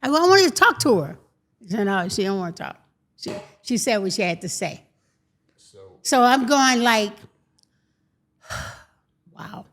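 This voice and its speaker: The older female guest now uses a medium pitch, a measured pace and frequent pauses. Her storytelling stays animated as she imitates the voices of the people she describes.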